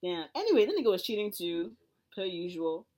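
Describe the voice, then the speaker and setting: Low-voiced young woman, wry and sarcastic. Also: sing-song, brisk, dark tone. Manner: wry, sarcastic retelling of gossip. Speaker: podcast co-host. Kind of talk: casual chat, storytelling.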